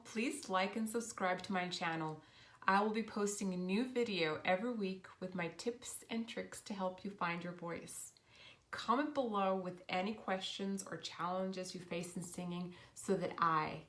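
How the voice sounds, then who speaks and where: Calm and instructive, a woman gives a singing lesson facing the camera and takes each exercise step by step. She speaks at a medium pitch and a moderate pace.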